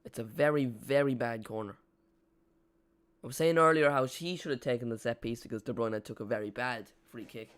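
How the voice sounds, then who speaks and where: A man's voice: mid-range voice, fairly quick, fairly bright tone, clean tone. Chatty man hosting a watch-along. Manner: chatty, self-mocking, dry jokes. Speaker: live watch-along host. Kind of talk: casual live match commentary.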